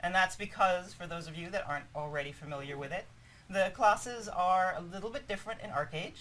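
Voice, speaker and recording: A hoarse woman presenting a live game demo stream, explaining features in an upbeat way. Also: fairly low pitch, brisk, fairly bright tone, low-quality recording.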